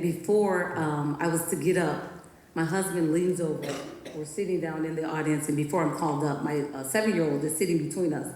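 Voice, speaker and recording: A middle-aged woman, a guest poet, telling a story to students with lots of fillers, then reading a poem. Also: low voice. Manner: chatty and animated, many fillers. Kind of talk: storytelling talk and poetry reading. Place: school auditorium. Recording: very echoey hall.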